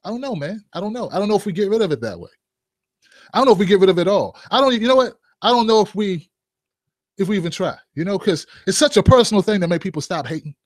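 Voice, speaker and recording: Male vlog host, high voice, joking opinionated commentary with rhetorical asides. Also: lively intonation, quick pace, dry recording, clean studio sound.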